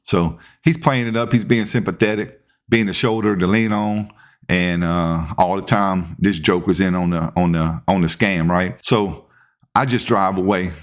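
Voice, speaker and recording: A man, hosting a podcast and telling a work story in a casual, animated way, acting out what people said. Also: deep voice, normal speed. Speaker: podcast host, police officer.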